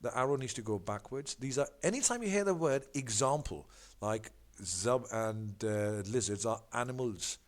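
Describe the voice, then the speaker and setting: A man's voice: medium pitch, normal speed. A man working through exam practice questions as a tutor. He talks in an emphatic way, stumbles and corrects himself often, and keeps repeating catchphrases. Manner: animated, emphatic, repeats catchphrases like "big fat no".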